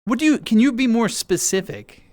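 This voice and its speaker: A man's voice: very high-pitched, lively intonation, normal speed, a little mellow, no room sound. A man streaming, chatting casually and rambling playfully to his viewers while playing a game. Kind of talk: casual chat with chat.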